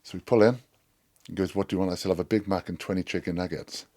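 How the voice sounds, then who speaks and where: Deep-voiced man telling a story. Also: fast. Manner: animated, sweary storyteller. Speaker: podcast guest. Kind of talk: storytelling anecdote.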